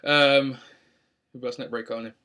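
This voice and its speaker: A man's voice: mid-range voice, fairly even intonation, moderate pace, bright, forceful tone. Rambling young guy. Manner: rambling, many ums and restarts. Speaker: wrestling show reviewer. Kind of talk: casual recap.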